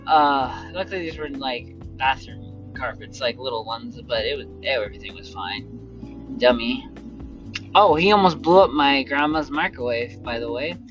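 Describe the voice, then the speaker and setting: Podcast host, casual storytelling, animated, laughs often, slow pace, dull lo-fi memo. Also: medium pitch, over music. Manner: animated, laughs often, acts out quotes loudly.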